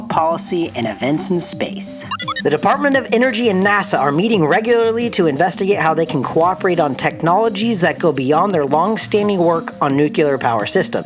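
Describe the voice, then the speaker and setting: A podcast host reading daily space news with playful asides, excitable and prone to getting carried away. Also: mid-range voice.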